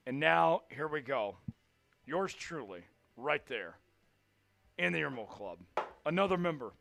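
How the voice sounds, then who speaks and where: Excitable high-voiced man calling plays. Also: creaky. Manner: excitable, shouts big plays. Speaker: livestream sports host. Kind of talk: live play-by-play watch-along.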